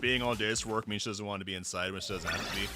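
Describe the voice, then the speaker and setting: A man streaming a story game, reacting to the scenes in a profane, mock-exasperated way and yelling at the characters. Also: on the low side, fairly even intonation, rapid-fire, over music. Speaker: VTuber streamer.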